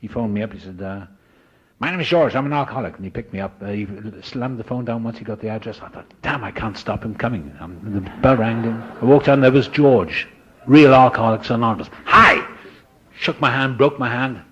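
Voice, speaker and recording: An older man telling a personal story in a husky voice, acting out the people he quotes and dropping to a hush at moments. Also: medium pitch, brisk, muffled recording.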